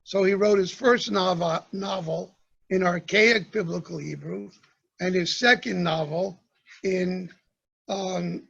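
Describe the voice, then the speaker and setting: A man lecturing to a congregation, speaking slowly and pausing often, with "um"s between his points. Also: high voice, steady tone, creaky, a bit bright, husky, highs cut off. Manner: slow, measured delivery with pauses and fillers. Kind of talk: talk to a congregation.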